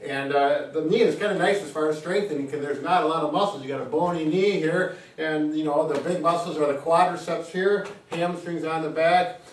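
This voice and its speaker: Slightly high-voiced male physical therapist. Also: a little fast, few pauses, slight background noise. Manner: plainspoken, explains step by step. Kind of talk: casual instructional talk. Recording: roomy sound, mic at a distance.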